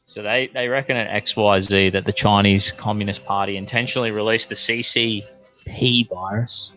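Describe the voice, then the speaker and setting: An Australian man rambles through a profane, casual rant, full of fillers and tangents. His voice sits low but sounds bright and forceful. Quiet music plays faintly behind him. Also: steady tone, moderate pace, poor audio. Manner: swears constantly, rambling with many fillers.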